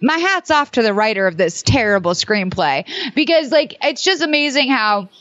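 A woman's voice: a little high, very animated, normal speed, fairly bright tone, no echo, muffled recording. A woman hosting a podcast in casual chat, chatty and sardonic, rambling through her thoughts. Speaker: podcast host.

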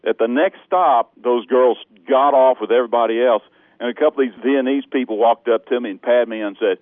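A man from Texas calling in to a radio show by phone, telling a story in a lively way and laughing often. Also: mid-range voice, brisk, no echo. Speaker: caller. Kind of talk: animated storytelling on a phone call. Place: phone call. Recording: tinny phone line.

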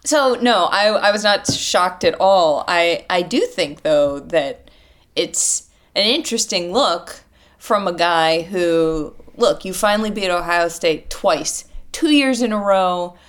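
Excitable low-voiced woman sports reporter. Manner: excitable, quick, self-interrupting with big pitch swings. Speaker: sports reporter, podcast guest. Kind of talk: casual podcast chat.

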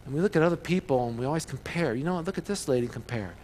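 A man preaching a sermon in an animated way, calling on the congregation to repeat lines back to him. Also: a little high, very fast, a little hiss or hum. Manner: animated, calls for congregation responses. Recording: long hall reverb.

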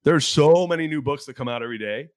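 A man's voice: medium pitch, fast talker, dry recording. A man hosting a podcast, talking casually and enthusiastically with plenty of slang and swearing. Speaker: podcast host and author.

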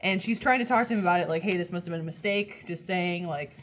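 A woman co-hosting a casual podcast, with wry, quick asides. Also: on the low side, a little hiss or hum. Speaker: podcast co-host. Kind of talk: casual chat.

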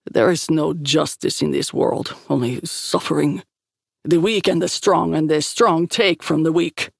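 A guilt-ridden, resigned man, heavy and slow in his speech, voiced by a woman reading a story. His tone is gravelly and low. The sound is dry and close. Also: no room sound. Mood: grim. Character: guilt-ridden cursed Russian man, bitter.

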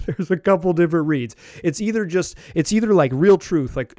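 Male podcast host, slightly high voice, rambling casual sports talk, dry close mic. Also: lively intonation, normal speed, mellow, no room sound. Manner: rambling, many restarts and fillers.

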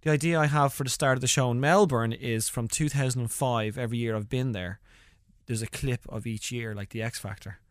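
An Irish man, a comedian being interviewed, telling stories in lively casual chat and acting out voices as he goes. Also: mid-range voice, fairly quick, clear, resonant tone, no room sound, clean studio sound. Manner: animated storytelling, acts out voices, laughs often. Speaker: comedian guest.

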